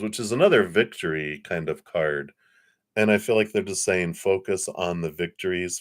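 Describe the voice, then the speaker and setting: A man giving a live-stream tarot reading. He talks in a relaxed way, laughs often and thanks viewers by name. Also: low-pitched. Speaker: tarot card reader.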